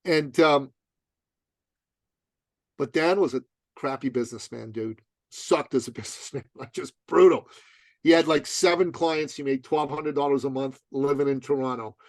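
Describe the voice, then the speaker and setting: A man's voice: moderate pace, no echo. A man telling a story as a podcast guest, emphatic and slangy, acting out both sides of the dialogue. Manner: emphatic, slangy, acts out dialogue in high voices. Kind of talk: animated storytelling.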